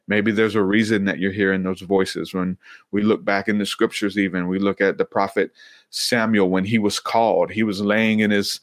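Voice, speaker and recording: A man speaking as an interview guest, earnest and halting, often repeating words as he tells his story. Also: on the low side, no room sound, clean studio sound. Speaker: interview guest, Christian minister. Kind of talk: casual interview conversation.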